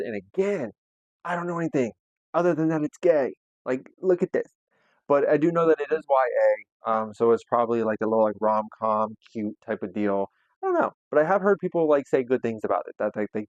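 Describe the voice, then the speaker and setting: A man's voice: mid-range voice, dry recording, muffled recording. A young man hosting a casual book haul vlog, chatty and playful with lots of slang, a little out of breath. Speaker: booktube host.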